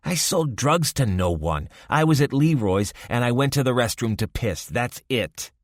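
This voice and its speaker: A man's voice: mid-range voice, animated, normal speed, no room sound, studio quality, pitched above the performer's own voice, lightly acted. A man doing a crude, volatile young drug dealer. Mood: hostile. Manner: profane, aggressive outbursts. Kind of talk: audiobook character voice.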